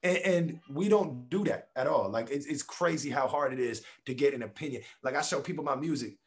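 A man's voice: mid-range voice, fairly quick. A man, a podcast guest, talking casually and bluntly, swearing freely and acting out quotes as he makes his points. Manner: blunt, profane, animated storytelling with acted quotes. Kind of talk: casual conversation.

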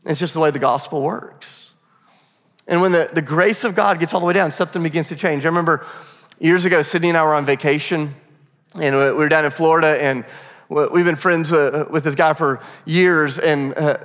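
Male pastor, forties, casual storyteller from the pulpit, slightly high voice, echo of a large hall. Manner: storytelling, conversational and animated. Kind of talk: sermon. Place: church auditorium. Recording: long hall reverb.

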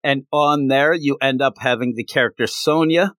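A man's voice: mid-range voice, moderate pace, fairly bright tone, dry recording. Rambling man recapping comics, dry sound. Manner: enthusiastic, rambling retelling. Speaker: podcast host. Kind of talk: casual manga chapter recap.

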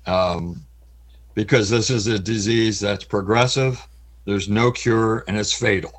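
A middle-aged man giving an interview, speaking in an earnest, halting way with frequent pauses, his voice cracking with emotion. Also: lowish voice, steady tone. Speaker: interview guest. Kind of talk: candid personal interview.

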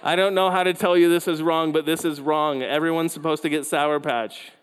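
Guy preaching to youth, kinda high voice, big echoey hall, jumpy storytelling. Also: a little hiss or hum. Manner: animated storytelling with quick asides. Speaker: youth pastor. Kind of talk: sermon. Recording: hall reverb.

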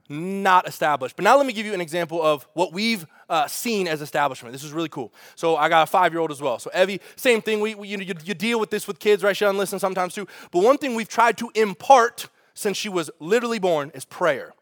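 A man, a pastor preaching a sermon with funny family stories and lively asides. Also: on the high side, moderate pace, pauses often, no room sound. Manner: storytelling with humor, animated asides.

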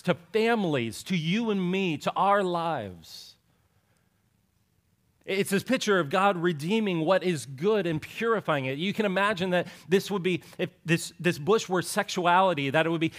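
A man preaching a sermon earnestly, often repeating words and sinking low and soft on key words, with playful asides. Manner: playful asides with joking voices.

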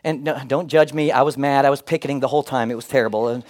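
A man's voice: mid-range voice, fast, rough recording. A middle-aged male pastor preaching a sermon, telling stories with humor and putting on voices. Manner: animated, humorous storytelling with put-on voices.

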